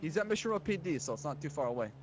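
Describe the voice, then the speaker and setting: Excitable fast-talking young man. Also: fairly high pitch, dull audio, slight background noise. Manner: excitable, defensive, talks over others. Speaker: taxi partner in role-play. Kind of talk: improvised role-play.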